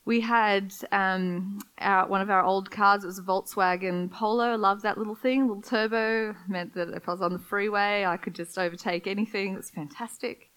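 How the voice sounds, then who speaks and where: A woman's voice: medium pitch, steady tone, moderate pace, a bit bright, smooth, low-quality recording. A woman preaching a sermon, reading scripture and telling personal stories in a candid, conversational way.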